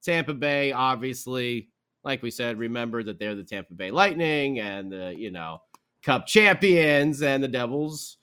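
A man hosting a podcast, recapping a hockey game in a rambling, animated way with lots of fillers and restarts. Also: mid-range voice, unhurried, smooth. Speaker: podcast host.

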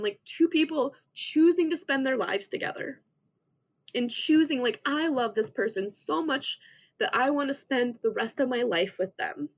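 A young woman, a podcast guest, telling an emotional personal story in an earnest, halting way with many restarts. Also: fairly high pitch.

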